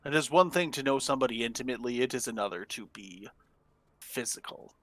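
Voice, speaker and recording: A man playing a stern male alien companion who lectures quietly and deliberately. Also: medium pitch, fairly even intonation, no room sound.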